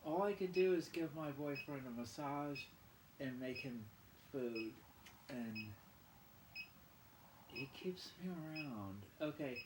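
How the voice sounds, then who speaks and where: A man's voice: on the high side, slow, pauses often. A man vlogging casually, rambling and self-mocking, repeating words aloud to practise saying them. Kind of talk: casual vlog chat. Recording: roomy sound with clear background noise.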